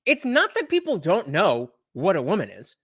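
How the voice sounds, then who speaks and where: Male reaction host, lively swinging pitch, emphatic, dry booth sound. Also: normal speed, husky, no echo. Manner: animated, emphatic commentary. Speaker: YouTube commentary host. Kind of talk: reaction commentary.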